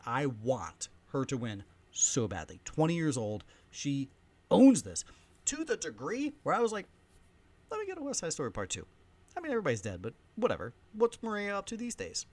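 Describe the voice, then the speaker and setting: A man in his thirties or forties hosting a podcast, ranting excitedly in a movie review, swinging between loud emphasis and soft asides. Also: mid-range voice. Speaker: podcast host, film reviewer.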